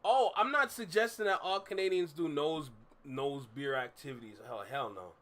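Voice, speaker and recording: A man's voice: fairly high pitch, moderate pace, fairly bright tone. A young man streaming from his room, chatting candidly and rambling with fillers as he reacts to music. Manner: candid, rambling, repeats himself with frequent fillers. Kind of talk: casual live-stream chat.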